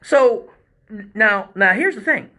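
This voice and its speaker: A man hosting a live stream, telling a crude comic story in a casual, animated way. He swears freely and acts out scenes with sound effects. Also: high voice, slow. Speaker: male exotic dancer, live-stream host.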